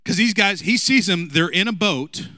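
A man's voice: high voice, lively intonation, moderate pace, pushed and bright, no room sound. A man in his thirties, a pastor giving a casual, joking sermon with asides to the congregation. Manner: conversational, jokey preaching with asides to the congregation.

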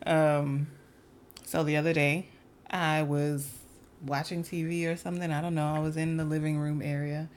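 Laughing mother telling stories, lowish voice. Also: little pitch movement, normal speed, darkish tone, slight background noise. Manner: laughs often while storytelling. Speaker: podcast co-host, mother. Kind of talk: casual chat.

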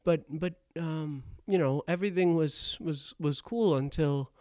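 A man's voice: fairly high pitch, measured pace, dark tone, no room sound, clean studio sound. A young man hosting a podcast from his attic, rambling in a self-deprecating, jokey way with frequent stammers and asides. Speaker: podcast host. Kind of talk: rambling comedic podcast monologue.

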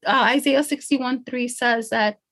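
A woman's voice: a little high, steady tone, a little slow, fairly bright tone. A woman empowerment coach in a casual podcast conversation, speaking earnestly and emotionally from her faith.

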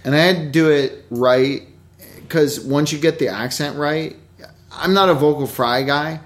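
A man's voice: fairly high pitch, measured pace. Blunt, swearing actor man. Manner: blunt and profane, emphatic. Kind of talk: casual chat.

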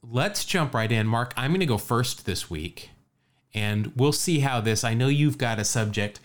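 A man's voice: medium pitch, lively intonation, unhurried. Man, podcast co-host, easygoing storyteller who laughs a lot. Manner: laughs often, storytelling with asides. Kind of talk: casual baseball history chat.

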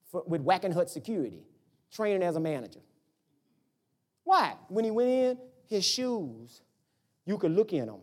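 Animated man preaching. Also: high-pitched. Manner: animated preaching with storytelling and voiced family dialogue. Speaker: pastor. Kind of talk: sermon.

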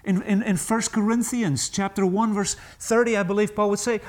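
A man preaching a sermon, emphatic, asking the congregation rhetorical questions and slowing down to stress key phrases. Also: high-pitched, steady tone.

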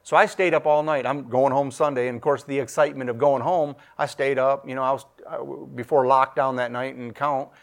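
A man's voice: mid-range voice, fairly even intonation, fairly quick, hardly any pauses. A middle-aged man preaches his testimony to a congregation. His voice sits in a middle register and stays earnest throughout. He stumbles and repeats words as he goes, and he rises in volume when he gets fired up. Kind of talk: testimony sermon.

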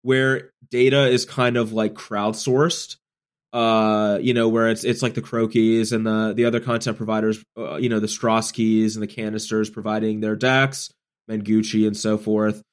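A man's voice: on the low side, level tone, moderate pace. A man who is sick, co-hosting a casual gaming podcast and explaining his views at length with many restarts. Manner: thoughtful, long explanations with restarts. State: sick, rough voice. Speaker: podcast co-host, tournament player. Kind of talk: casual chat.

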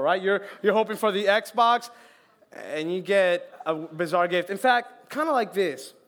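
A young man preaching a sermon as youth pastor, lively and joking, acting out little quotes. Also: high-pitched, normal speed. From Colombian family, raised in Florida.

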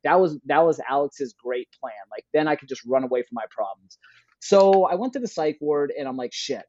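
A man's voice: mid-range voice, a little mellow, no room sound, lo-fi sound. A young adult man, a podcast guest, telling a candid personal story in a casual, plain-spoken way with many fillers.

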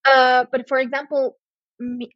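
Husky Serbian-accented young woman. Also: sits high, little pitch movement, measured pace, no echo, highs cut off. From southern Serbia. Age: young adult. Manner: hesitant, many fillers and restarts. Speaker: guest. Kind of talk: casual chat.

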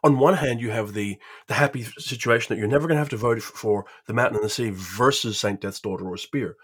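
A man hosting a podcast interview, asking questions in a measured, encouraging way. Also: mid-range voice, a bit bright, husky. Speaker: podcast host. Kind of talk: casual interview chat.

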